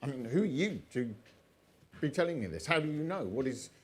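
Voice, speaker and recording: A man's voice: mid-range voice, very animated, a little fast, slightly rough. A man telling an old myth, drifting into chatty asides and laughing often at his own jokes. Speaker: storyteller. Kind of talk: oral storytelling with chatty asides.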